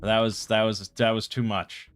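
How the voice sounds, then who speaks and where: A man's voice: on the low side, little pitch movement, moderate pace, faint music behind. A man hosting a casual chat show, retelling a game session in a rambling, exasperated way. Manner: rambling, exasperated storytelling with many fillers. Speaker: podcast host.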